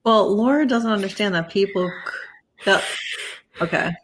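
A woman's voice: medium pitch, unhurried, fairly bright tone, a little hiss or hum. A woman co-hosting a podcast, chatting casually about a TV episode with dry, sardonic asides. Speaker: podcast co-host. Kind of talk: casual chat recapping a TV episode.

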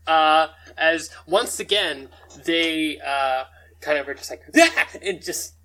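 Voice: medium pitch, takes it slowly, pushed and bright, poor audio. A game master narrating a tabletop game in a rambling way, often chuckling between descriptions.

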